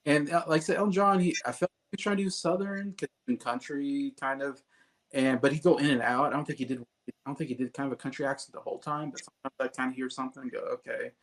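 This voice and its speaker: Man, gravelly mid-range voice, co-host of a casual album review; rambling, hesitant delivery. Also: mid-range voice, fairly even intonation, fast talker. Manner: rambling, hesitant, many restarts. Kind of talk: casual chat.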